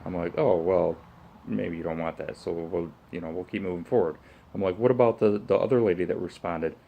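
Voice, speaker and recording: A man's voice: deep voice, a little fast, creaky, narrow, tinny audio, slight background noise. A middle-aged man telling a rambling story in a casual vlog rant, full of fillers and restarts. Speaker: vlogger.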